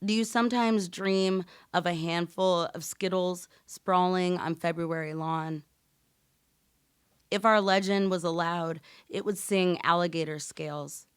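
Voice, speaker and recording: A woman poet reading her poems aloud in a measured, deliberate way. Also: fairly low pitch, steady tone, smooth, no echo, clean studio sound. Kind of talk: live poetry reading.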